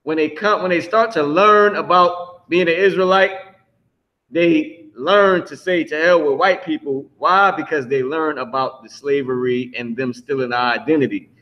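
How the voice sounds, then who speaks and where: A man's voice: a little high, normal speed, lo-fi sound. A man teaching a class, blunt and emphatic, swearing freely as he explains.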